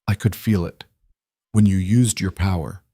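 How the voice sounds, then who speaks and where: A man's voice: low-pitched, fairly even intonation, unhurried, mellow, husky, dry recording, exaggerated voice. A man playing a wounded male alpha wolf king who speaks tersely with a dry, teasing wit. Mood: intent.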